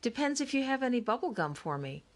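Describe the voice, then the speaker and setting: A woman's voice: fairly high pitch, sing-song, fast, voice pushed up. A woman reading an audiobook, voicing a small, stubborn young boy who gives blunt, short answers.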